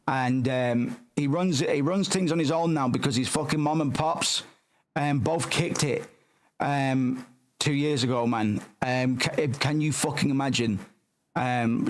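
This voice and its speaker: A man streaming a horror game, rambling casually and swearing as he plays along with the characters. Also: medium pitch. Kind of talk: casual gameplay commentary.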